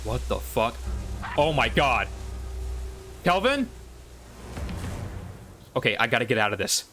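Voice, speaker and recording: A man doing live gameplay commentary on a desk mic at home, excitable and cursing as he yells at enemies. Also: medium pitch, unhurried, soft background music. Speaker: gaming YouTuber. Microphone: desk condenser mic.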